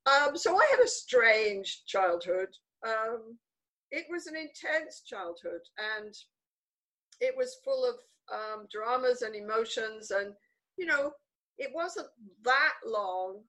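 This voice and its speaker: An older woman, a guest in an interview, telling stories from her childhood in an animated, emphatic way. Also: a little high, slow pace, rough recording. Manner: animated, emphatic, repeats words for stress. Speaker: guest author. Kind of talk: conversational interview storytelling.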